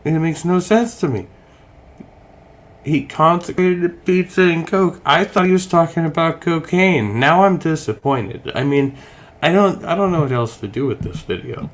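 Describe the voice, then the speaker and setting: A man's voice: fairly high pitch, moderate pace. A man giving crude, sarcastic reaction commentary and swearing often. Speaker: online commentator.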